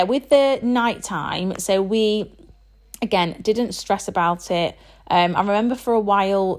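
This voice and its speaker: A woman in her thirties, a parent chatting casually and rambling with lots of fillers. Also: mid-range voice. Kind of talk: casual chat.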